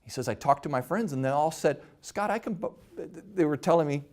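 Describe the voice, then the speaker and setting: A man's voice: a little high, a little fast. Middle-aged man telling a family story. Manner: animated storyteller acting out quotes. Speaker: host. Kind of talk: personal story talk.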